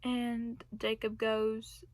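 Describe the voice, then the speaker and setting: A woman's voice: a little high, monotone, extremely slow, no room sound. A young woman telling a personal story in a casual vlog, rambling and laughing between phrases. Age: young adult. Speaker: vlogger.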